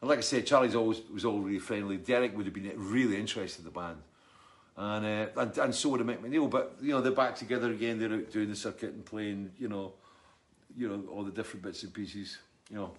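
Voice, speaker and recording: Rambling man, chatty and low. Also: quick pace. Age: middle-aged. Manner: rambling storyteller, chatty and jokey. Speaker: musician hosting a live stream. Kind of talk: casual chat reading viewer comments.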